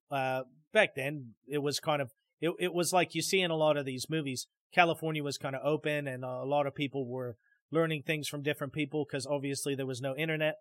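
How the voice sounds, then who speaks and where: In a dry recording, a podcast host with a fairly high, fairly bright voice tells a rambling, casual story, starting over repeatedly and addressing his listeners directly.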